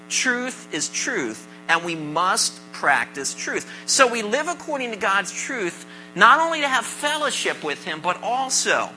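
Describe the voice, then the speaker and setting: A pastor giving a sermon to a congregation, mixing jokes with scripture and calling on listeners with quick questions. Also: medium pitch, sharp tone, poor audio. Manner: calls on the congregation with "right?" and questions. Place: church service before a congregation.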